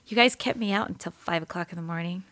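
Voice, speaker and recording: This podcast co-host speaks fast in a fairly low, slightly bright voice. Chatting casually, she rambles and laughs a lot, a little breathless following an infection.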